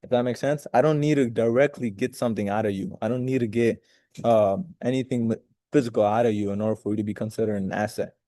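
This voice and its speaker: A man's voice: on the low side, fairly even intonation, fast talker, warm tone, no echo, studio quality. A man leading a group video call, giving a casual, rambling motivational talk with profanity and direct questions to his listeners.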